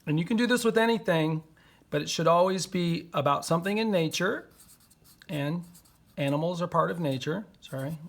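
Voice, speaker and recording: A man's voice: on the high side, moderate pace, creaky. A man teaching a poetry lesson to young children, patiently sounding out words and syllables.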